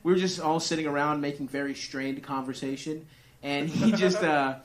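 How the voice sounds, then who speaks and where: A man's voice: on the high side, steady tone, moderate pace. A man doing stand-up on stage, rambling through profane, self-deprecating crowd work. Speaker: stand-up comedian. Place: comedy club stage. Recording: live comedy club with crowd noise.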